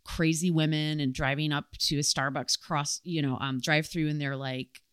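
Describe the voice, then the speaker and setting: A young adult woman co-hosting a podcast, chatting casually and reading out news headlines with an animated delivery. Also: sits low, moderate pace, clear, resonant tone, no room sound, clean studio sound. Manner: animated, reads out headlines and acts out quotes. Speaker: podcast co-host. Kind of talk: casual chat.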